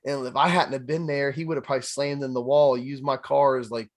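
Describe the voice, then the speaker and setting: A man's voice: medium pitch, fairly even intonation, brisk. A man, hosting a podcast in casual chat and telling stories animatedly, laughing often. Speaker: podcast host.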